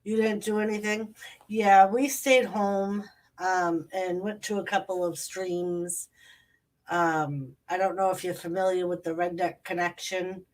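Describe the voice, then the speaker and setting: A woman's voice: fairly low pitch, fairly even intonation, unhurried, darkish tone, distant mic. A woman, chatting casually on a late-night livestream and greeting viewers by name. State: stuffy nose. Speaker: channel host. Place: home at night.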